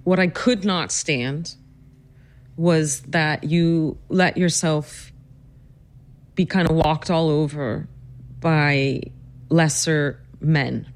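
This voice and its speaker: A narrator and host telling a personal family story, then questioning their mother, earnest and slowing down to stress points. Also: medium pitch, steady tone. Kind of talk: reflective personal narration and interview.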